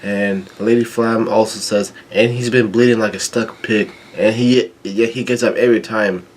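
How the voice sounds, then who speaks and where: A man reading a comic chapter aloud, stumbling, restarting words and filling pauses with ums. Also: fairly low pitch, steady tone. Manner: halting, with frequent restarts and ums. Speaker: manga chapter reader.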